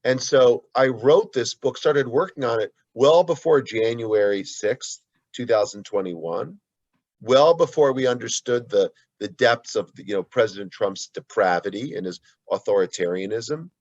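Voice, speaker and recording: A man's voice: medium pitch, unhurried, darkish tone, dry recording, muffled recording. Earnest man answering at length, dry sound. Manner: earnest, with frequent restarts and asides. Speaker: guest author. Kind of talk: earnest conversational interview answer.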